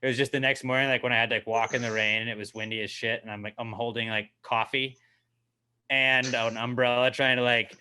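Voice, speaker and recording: Profane ranting podcast guy, bright voice. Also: mid-range voice, a little fast, clear, resonant tone. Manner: profane, ranting, self-mocking; animated, swinging from mumbling to yelling. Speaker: podcast co-host. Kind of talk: casual comedic podcast chat.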